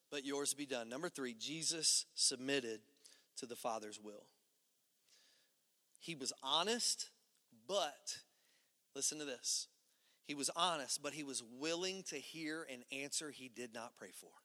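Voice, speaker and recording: A man preaching a sermon as pastor, in a conversational style that swings between loud emphatic lines and hushed low ones. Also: unhurried, long pauses, in a large hall.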